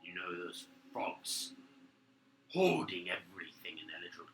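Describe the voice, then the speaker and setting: A man voicing scheming male lizardfolk guards who whisper and then shout. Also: deep voice, sing-song, unhurried, exaggerated voice. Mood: bickering. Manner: swings between hushed whispers and sudden shouts. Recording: roomy echo, faint noise.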